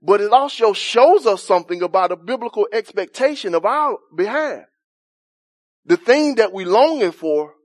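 A man's voice: very high voice, expressive, moderate pace, dry recording, clean studio sound. A man preaching a conversational Bible-study sermon, colloquial and storytelling, repeating phrases for emphasis.

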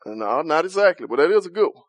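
Man, Bible study teacher, fairly high voice, dry close sound, chatty, asks the group questions. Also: big pitch swings, quick pace, no room sound. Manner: conversational, questions the group, laughs often.

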